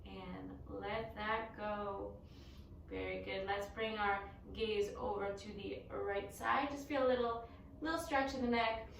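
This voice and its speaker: A young woman teaching a children's yoga class, giving gentle, encouraging instructions. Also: a little high, fairly even intonation, normal speed, gravelly, slight background noise. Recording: echoey room, mic at a distance.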